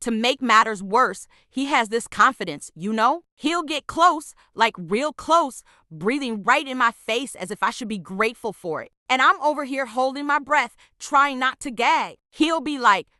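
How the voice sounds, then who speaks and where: A woman's voice: high voice, animated, measured pace, few pauses, pushed and bright, no echo, clean studio sound. A woman reading out a scripted storytime in an exasperated, sarcastic way. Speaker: storytime narrator.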